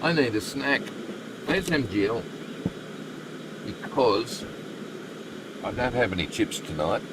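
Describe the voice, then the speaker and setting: A man's voice: medium pitch, big pitch swings, slow, background noise. An Australian man live-streaming a game, chatting with viewers and muttering asides to the game. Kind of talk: live stream commentary, reading chat.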